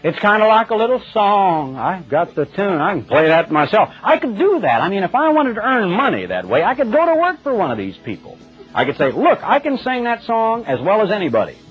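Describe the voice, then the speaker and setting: A male radio preacher delivering a sermon in plain, emphatic everyday speech, his pitch rising and falling a great deal. His voice sits a little high. The sound is dull and lo-fi, with faint music underneath. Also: wildly swooping pitch, fairly quick. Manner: plain-spoken, emphatic, conversational. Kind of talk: broadcast sermon.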